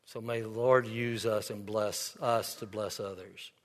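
A man's voice: lowish voice, fairly even intonation, a little slow. Man preaching in a reverberant church. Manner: earnest, storytelling with quoted dialogue. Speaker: pastor. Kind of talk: sermon. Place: church sanctuary. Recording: long hall reverb.

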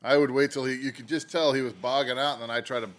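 A man co-hosting a casual podcast, jumping in with quick jokes and his own road stories. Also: mid-range voice, fairly even intonation, noisy background. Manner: quick, jokey, chimes in with punchlines. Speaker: podcast co-host. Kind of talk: casual chat.

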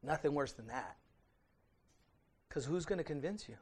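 A middle-aged man preaching a midweek sermon and reading scripture aloud, conversational, often asking his congregation "right?", swinging between loud emphasis and quiet intensity. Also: on the high side, lively intonation, normal speed, breathy edge. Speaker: pastor.

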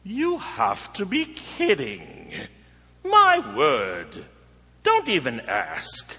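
A man's voice: sits high, huge pitch swings, very slow, sharp tone, slightly rough, voice pushed up, heavily acted. A man voicing a proud, haughty self-made man who speaks in a scornful, dismissive way. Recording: long hall reverb.

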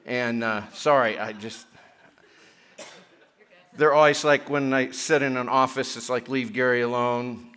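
A middle-aged man preaching a sermon, chatty with joking asides, growing louder and higher when he reads and presses scripture. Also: steady tone, a little slow, long pauses, smooth. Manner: chatty, self-deprecating asides between scripture readings; rising in pitch and force when reading and pressing scripture. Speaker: pastor.

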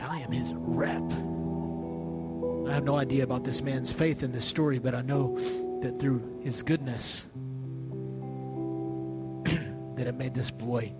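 A man preaching a sermon in a conversational way, telling a story with hushed asides. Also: mid-range voice, poor audio.

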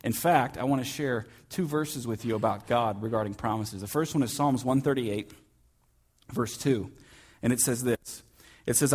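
A man preaching a sermon in a church as the pastor, in a relaxed storytelling manner with frequent fillers. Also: medium pitch, moderate pace, slightly rough.

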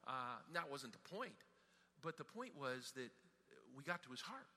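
A man pastor giving a sermon, telling a story with animated, emphatic delivery. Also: medium pitch, measured pace. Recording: hall reverb.

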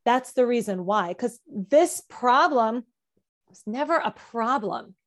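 A woman's voice: on the high side, expressive, slow pace. A middle-aged woman anxiety coach speaking on a podcast, emphatic, and often repeating key phrases for effect. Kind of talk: podcast conversation.

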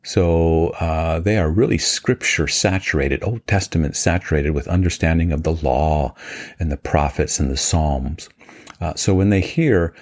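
Low-voiced man explaining scripture slowly. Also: a little mellow. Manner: measured, explanatory, frequent uh fillers. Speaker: pastor. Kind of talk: scripture teaching vlog.

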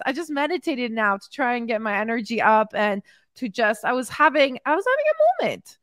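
She talks briskly in a slightly high voice with big pitch swings and a bit of brightness, in studio-quality audio with no room sound. As a fitness coach and podcast host streaming live from home in Mexico, she reads out comments on her clients' wins. Her cheerleading is upbeat and hyping, and she gets openly emotional.

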